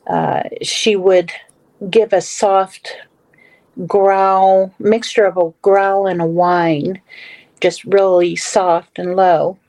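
Middle-aged lady telling her story real slow, lots of uh and you know. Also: fairly low pitch, little pitch movement, a little mellow, rough recording. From Western Pennsylvania / Ohio area. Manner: slow, halting, many fillers and restarts. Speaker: guest. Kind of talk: casual storytelling on a call-in talk show.

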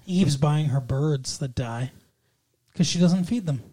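A man's voice: on the high side, measured pace, dark tone, husky. A young man co-hosting a casual show, joking and swearing freely as he chats. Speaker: podcast co-host. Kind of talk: casual chat.

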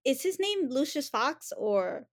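A woman's voice: high-pitched, big pitch swings, a little slow. A woman in a casual chat, recapping a TV episode and acting out the characters' lines. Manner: chatty, acts out characters' lines while retelling.

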